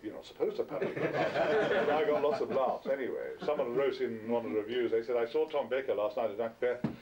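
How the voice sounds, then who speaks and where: A man's voice: medium pitch, fairly quick, a loud crowd. A man in his sixties, a guest actor, telling wry, self-mocking anecdotes to fans in a theatrical way. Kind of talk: anecdotal storytelling. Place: small packed venue, indoors. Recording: distant amateur recording with faint hiss.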